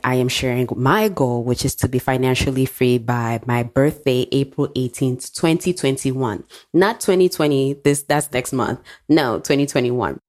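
A woman's voice: extremely low pitch, darkish tone. A young adult woman hosting her own podcast, giving a candid, chatty personal update that wanders off on side tracks. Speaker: podcast host.

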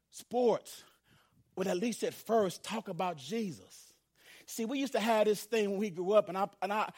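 A man in his fifties preaching a sermon, chatty and laughing, swinging from loud emphatic calls to hushed pleading and repeating phrases for emphasis. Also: high voice. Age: 50s.

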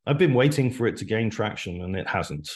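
Opinionated man in his sixties, low voice. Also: lively intonation. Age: 60s. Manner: opinionated, deliberate, emphatic. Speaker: podcast guest. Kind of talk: casual podcast conversation.

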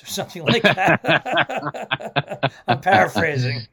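A man's voice: on the high side, animated, a little fast, over a noisy crowd. A man co-hosting a comedy podcast over a video call, playful and self-mocking. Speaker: podcast co-host. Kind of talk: casual comedy podcast banter.

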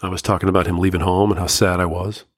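A middle-aged man hosting a solo podcast, talking earnestly and emotionally in slow, measured phrases, firm and lecturing at times. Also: low voice, flat delivery, husky, no room sound. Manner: firm and lecturing about fatherhood. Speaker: podcast host.

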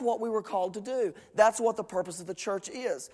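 A pastor preaches to the congregation, driving points home by repeating them. The voice sits at a middling pitch. A long hall reverb hangs after each phrase in the large sanctuary. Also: a little fast, hardly any pauses, a little mellow. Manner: emphatic, repeats phrases for stress. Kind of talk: sermon.

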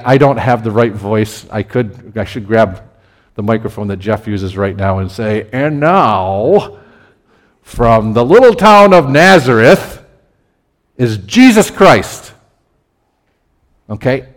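A male pastor delivering a sermon in a lively, conversational way. His voice sits at a middle pitch, and he pushes into emphatic peaks as he drives his points home. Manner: animated, conversational preaching with rising emphasis.

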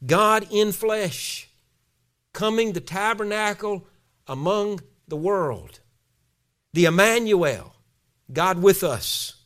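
A man's voice: high-pitched, animated, slow, long pauses, a bit bright. Male pastor with a raised voice. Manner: storytelling, ending in spoken prayer. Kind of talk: sermon.

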